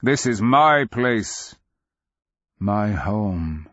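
A man reading an audiobook voices an ancient male nonman warrior-priest who speaks slowly in deep, intoning tones. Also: lively intonation, fairly bright tone, no room sound, muffled recording, full character voice. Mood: brooding.

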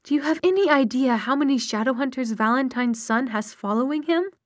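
A woman's voice: sits high, lively intonation, fairly quick, no echo, clean studio sound. A woman reading aloud and voicing a stern, tired middle-aged mother with a clipped, commanding manner. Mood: grave.

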